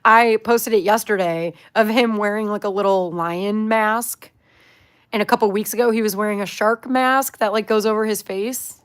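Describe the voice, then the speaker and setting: A woman's voice: mid-range voice, steady tone, moderate pace, clean tone. A young woman chatting casually about her pet, answering viewer questions with lots of filler words. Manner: chatty, upbeat, many "like" fillers. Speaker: pet pig owner, channel host.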